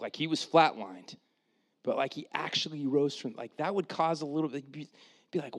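In an easygoing, conversational sermon, a pastor with a slightly higher voice speaks at normal speed and pauses often. He brings the story's characters to life with dramatic quoted asides, then grows quiet and earnest for his key points.

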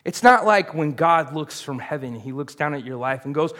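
A man's voice: on the high side, animated, moderate pace, hardly any pauses, fairly bright tone. A middle-aged man, preaching a sermon in a casual, conversational way and putting questions to the congregation. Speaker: pastor.

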